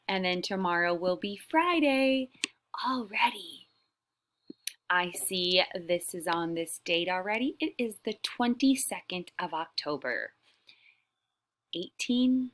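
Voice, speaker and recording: A young adult woman teaching an online lesson to small children, speaking in a drawn-out, encouraging sing-song that often drops to a whisper. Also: fairly low pitch, bright, forceful tone. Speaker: preschool teacher.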